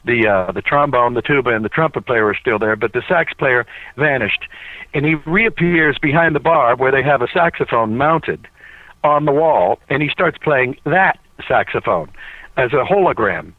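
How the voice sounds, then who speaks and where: A man being interviewed, telling a lively story with plenty of fillers and restarts. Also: mid-range voice, normal speed, no room sound. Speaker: interview guest. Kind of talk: casual anecdote. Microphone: cell phone. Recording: tinny cell phone recording, dry.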